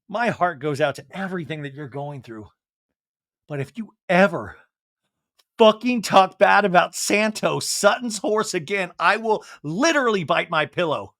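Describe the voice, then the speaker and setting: A man's voice: sits high, expressive, normal speed, a bit bright, no room sound, clean studio sound. A male podcast host giving a comedic reality TV recap, mocking and profane.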